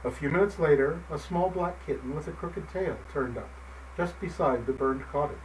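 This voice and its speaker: A man narrating a folk tale in a gentle, measured storybook manner. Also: a little high. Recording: distant mic, faint background noise.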